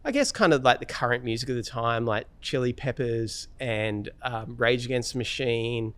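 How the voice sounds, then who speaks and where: A man's voice: mid-range voice, moderate pace, clear, resonant tone. An Australian man in his thirties or forties, a guitarist chatting easily in an interview, with lots of fillers and restarts. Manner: relaxed storytelling with many fillers and restarts. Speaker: guest guitarist. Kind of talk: casual interview chat.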